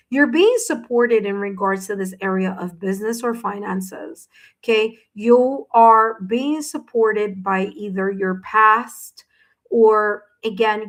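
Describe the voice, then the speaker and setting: Her voice leaning high and the audio quality poor, a tarot reader comforts a viewer directly during a paid live-stream reading. She keeps her tone gentle and reassuring even though she has the hiccups.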